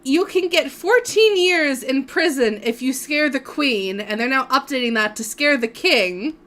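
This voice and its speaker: A woman hosting a relaxed podcast chat. Her voice is high and bright, with a crisp edge. She reads items from a list and laughs along as she goes. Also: a little slow. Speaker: podcast host. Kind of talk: casual chat.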